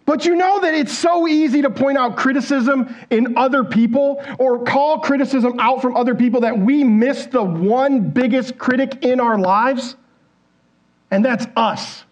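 A man's voice: extremely high pitch, measured pace, dull audio. A man preaching a sermon in a conversational way, asking the congregation questions and acting out the voices in people's heads. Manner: conversational, asks the congregation questions, acts out quoted inner voices. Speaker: pastor. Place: church stage.

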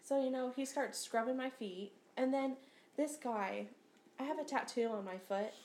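A woman's voice: high voice, normal speed, a little mellow. A young adult woman, a nurse and podcast co-host, telling a funny story in casual chat with frequent laughter. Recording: roomy recording with faint noise.

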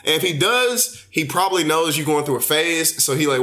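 A young man in casual podcast chat, telling stories with animated quoted voices. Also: on the high side, a little fast.

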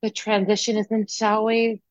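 A young woman co-hosting a podcast, talking casually and thinking out loud with lots of fillers. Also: mid-range voice, flat delivery, a little slow, no room sound, dull audio. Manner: talkative, thinks aloud with many fillers. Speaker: podcast co-host. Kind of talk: casual chat.

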